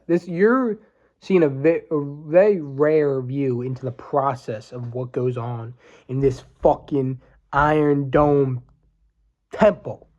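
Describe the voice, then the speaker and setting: A man's voice: mid-range voice, a little mellow, highs cut off. A man in his twenties hosting a podcast, ranting with heavy swearing and stopping now and then to think. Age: 20s. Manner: profane, fired-up ranting with pauses to think. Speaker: podcast host.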